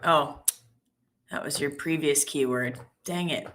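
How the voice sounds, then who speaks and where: Woman stream host, casual and self-deprecating, bright tone. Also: deep voice, measured pace. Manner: chatty, giggly, self-deprecating. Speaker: live trading stream host. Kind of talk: casual live-stream chat.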